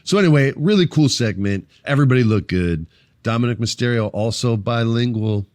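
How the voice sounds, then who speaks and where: A middle-aged man hosting a casual wrestling podcast, telling stories with lively acted-out voices. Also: medium pitch, a little fast, no room sound. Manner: animated storyteller, acts out quoted voices. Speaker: podcast host.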